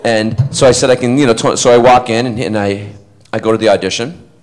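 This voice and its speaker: A man with a lowish voice tells a casual story to a convention audience. His delivery is rambling and animated, and he breaks into quoted voices and laughs. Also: a little fast, low-quality recording. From Scotland. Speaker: actor telling a story to fans.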